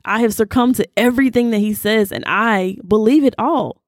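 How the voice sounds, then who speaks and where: A woman's voice: a little high, normal speed, no echo, clean studio sound. A young woman teaching the Bible in a conversational, preachy way, using casual slang. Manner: animated and preachy, with Southern "y'all" slang. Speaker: host of a Bible teaching podcast.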